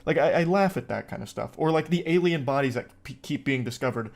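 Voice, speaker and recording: A man's voice: medium pitch, lively intonation, fast, vocal fry. A man doing casual reaction commentary in sarcastic, profane, mocking banter. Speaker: commentary host.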